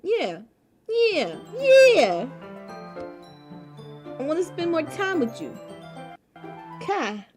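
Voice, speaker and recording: A woman's voice: very high voice, huge pitch swings, drawn-out words, pauses often. A woman streaming a visual novel, reading the game's lines aloud in a chatty, playful way and often breaking off mid-sentence. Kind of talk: casual let's-play commentary, reading game text aloud. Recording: game music playing behind the voice. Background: game music.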